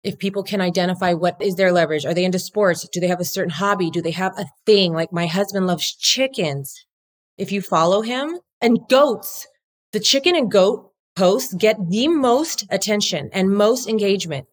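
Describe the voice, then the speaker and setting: A woman with a mid-range voice speaks at a moderate pace as a guest in a casual interview. She co-founded a law firm, and she talks with energy and bluntness, swearing now and then and slipping into acted-out impressions of other people's voices.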